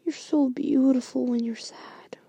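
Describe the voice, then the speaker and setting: A woman's voice: sits high, fairly even intonation, a little slow, gravelly, warm tone, husky, no echo, exaggerated voice. A woman voicing a predatory male teacher with a creepy, coaxing manner, as a whispered story reading.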